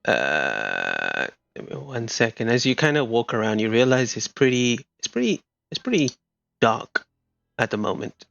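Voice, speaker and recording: A man narrating a tabletop game as game master, speaking haltingly with many fillers and restarts. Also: medium pitch, huge pitch swings, creaky, a bit bright, no room sound. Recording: muffled lo-fi mic, faint music.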